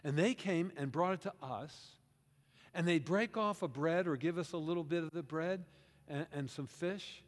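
A man's voice: a little high, normal speed. A male pastor preaching a sermon to his congregation, retelling a scripture story as if the listeners were there and asking them questions. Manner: animated storytelling, first-person plural, questions to the congregation. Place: church sanctuary. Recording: reverberant hall.

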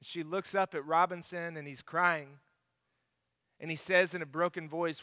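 A man preaching a sermon as pastor, earnest, swelling to emphatic peaks and then falling quiet and soft. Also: a little high, steady tone, a little slow, no echo, clean studio sound, in a large hall.

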